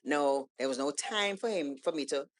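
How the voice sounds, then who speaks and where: A woman guest on a podcast, telling a story in a casual, animated way and acting out the lines of the people in it. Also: low voice, moderate pace. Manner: animated storytelling, acts out quoted dialogue. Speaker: guest poet.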